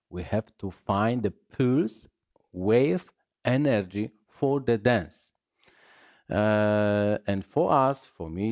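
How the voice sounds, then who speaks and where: A man teaching salsa rhythm, counting beats and scatting the patterns aloud in halting English. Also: lowish voice, no room sound, studio quality. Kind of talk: dance lesson explaining rhythm.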